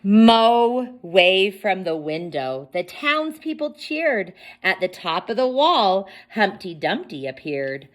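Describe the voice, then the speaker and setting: A woman reading a picture book aloud at children's story time, expressive and asking the listeners questions. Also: mid-range voice, takes it slowly, hardly any pauses.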